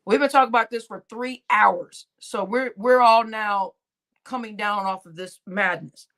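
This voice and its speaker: A woman with a medium-pitched, creaky, slightly bright voice hosts a livestream. She chats casually with viewers and a co-host, laughs often and calls the audience y'all.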